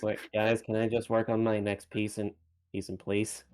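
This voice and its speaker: A man playing a tabletop role-playing game, quiet and laid-back. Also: lowish voice, completely flat delivery, moderate pace. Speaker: player. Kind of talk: casual tabletop role-play.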